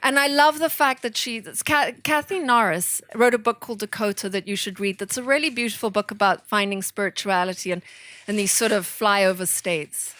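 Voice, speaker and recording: A woman author from southern Africa telling animated, self-deprecating stories to a bookstore audience, laughing often. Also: medium pitch, fairly quick. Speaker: author speaking at a bookstore event. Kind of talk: storytelling in an audience Q&A.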